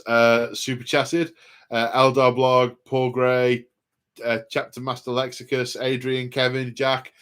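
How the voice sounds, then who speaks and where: A man's voice: mid-range voice, a bit bright. A man hosting a casual livestream, chatting in a rambling, hesitant way with many fillers and restarts. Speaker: host.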